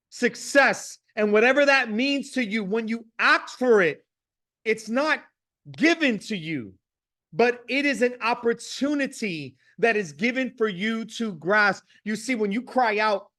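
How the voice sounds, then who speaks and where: A man's voice: high voice, a bit bright. A man giving a motivational speech and telling a story, in a preachy, emphatic way with a lot of repetition. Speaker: motivational speaker.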